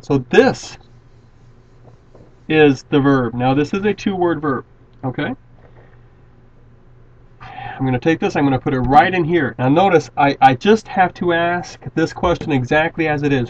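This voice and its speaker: A man explains grammar step by step at a board, with a slightly high voice. He is patient and repeats himself often. The recording is dull and lo-fi. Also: moderate pace, long pauses, no room sound. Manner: patient, repeats and restarts words while explaining. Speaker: teacher. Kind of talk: grammar lesson at a whiteboard.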